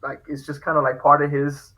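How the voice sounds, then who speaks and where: A man's voice: on the high side, completely flat delivery, a little fast, pushed and bright, rough recording. A man hosting a podcast, telling a story in casual chat and acting out the quoted lines. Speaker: podcast host.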